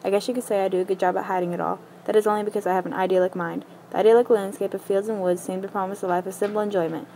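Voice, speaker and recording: A woman reads a story aloud at a brisk clip, her voice sitting at an ordinary middle pitch. She keeps a plain, unadorned delivery and trips over a word here and there. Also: fairly even intonation, warm tone, slight background noise, rough recording. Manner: quick, plain reading with small stumbles.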